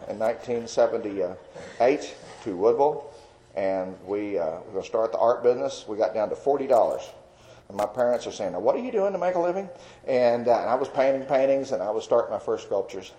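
A middle-aged man from Texas telling his personal faith testimony in a folksy, storytelling way, with frequent restarts and soft chuckles. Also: fairly low pitch, low-quality recording. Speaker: Christian artist giving testimony.

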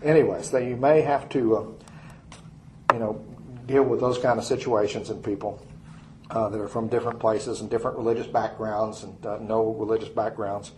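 Folksy preacher in a roomy hall. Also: male voice, on the low side, fairly even intonation, normal speed, background noise. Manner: folksy storytelling, chuckling asides. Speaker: minister. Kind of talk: sermon teaching with a personal story.

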